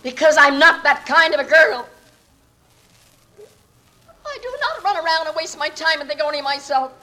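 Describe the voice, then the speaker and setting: A woman's voice: high voice, expressive, moderate pace, bright, forceful tone, rough recording. A woman acting an earnest young working-class woman who politely pleads her case to a judge in a dramatic monologue. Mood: pleading.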